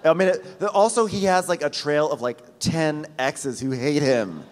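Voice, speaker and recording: A man's voice: fairly high pitch, normal speed, slight background noise. A man co-hosting a comedic recap show live on stage, wry and conversational. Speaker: podcast co-host. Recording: live hall reverb.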